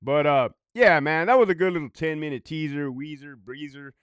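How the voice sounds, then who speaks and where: A man's voice: fairly high pitch, moderate pace, a bit bright, smooth, no echo, studio quality. A man who is a former prison guard, ranting profanely in a casual vlog, rambling and often laughing.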